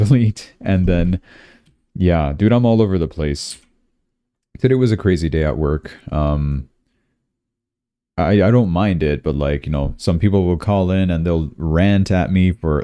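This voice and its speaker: A man's voice: low voice, dark tone, dry recording, clean studio sound. A young man from Canada, hosting a crypto livestream in a rambling, casual way and often saying "dude".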